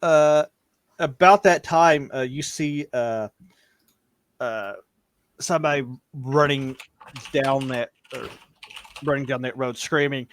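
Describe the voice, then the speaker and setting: Man narrating as game master, halting delivery, lots of fillers, mid pitch, dry sound. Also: dry recording. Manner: halting, many restarts and fillers.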